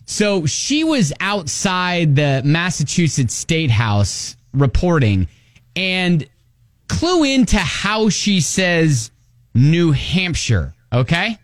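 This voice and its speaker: A man's voice: fairly high pitch, very animated, slow, dry recording, studio quality. A middle-aged man with a Kentucky accent hosting a casual morning radio chat, rambling with fillers and laughs. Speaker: radio show host. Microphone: studio mic.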